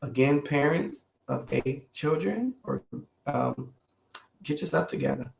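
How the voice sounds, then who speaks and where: A man's voice: fairly high pitch, normal speed, gravelly, reverberant. A man, talking to camera about his own life in an emotional, preacherly way and calling his viewers y'all. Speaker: vlogger sharing his life story. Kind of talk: heartfelt personal vlog to camera.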